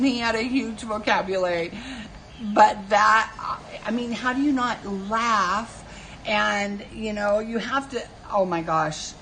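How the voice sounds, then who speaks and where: A middle-aged woman chats slowly and easily on her live stream. She answers viewers' comments and tells family stories, breaking into laughter often. Faint noise sits under her voice. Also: mid-range voice, sharp tone. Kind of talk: casual live-stream chat.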